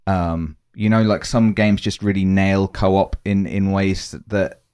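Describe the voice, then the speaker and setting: Rambling enthusiastic man, low voice. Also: little pitch movement, slow pace, a little mellow, smooth. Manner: rambling, enthusiastic, bursts of laughter. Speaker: podcast co-host. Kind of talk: casual chat reacting to game trailers.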